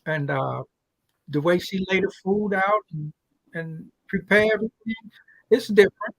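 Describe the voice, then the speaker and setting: A man on a panel, speaking softly and haltingly. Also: high-pitched, vocal fry, dry recording, poor audio. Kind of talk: casual panel chat.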